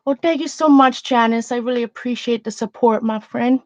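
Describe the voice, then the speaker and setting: With a voice on the high side and a brisk pace, a woman runs a casual painting livestream, chatting loosely with viewers as she works. She rambles, greets people, thinks out loud and sniffles a little, with no room sound.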